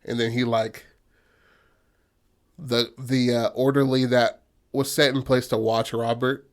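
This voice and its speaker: Male podcast co-host, casual swearing storyteller, middle pitch. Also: level tone, a little slow. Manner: loose, profane retelling with acted-out quotes.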